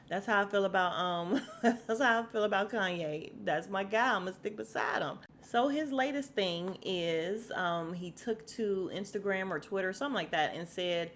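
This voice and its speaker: On her podcast, a woman speaks expressively at a moderate pace in a mid-range, fairly bright voice, gossiping about celebrities in a chatty rant full of laughter. A little background noise can be heard.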